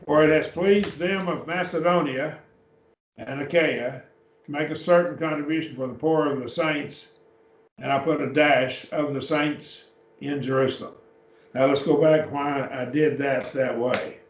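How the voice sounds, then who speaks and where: A man's voice: fairly high pitch, steady tone, unhurried. A man teaching a Bible class, explaining step by step and often checking with "okay?". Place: church classroom. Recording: echoey, distant, dull classroom recording.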